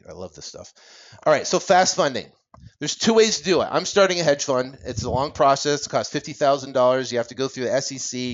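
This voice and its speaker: A man teaching real estate investing in an energetic, worked-up way, acting out talks with sellers and tossing in "right?" asides. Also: mid-range voice, muffled recording. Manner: fast, animated, acts out seller dialogue, many "right?" asides.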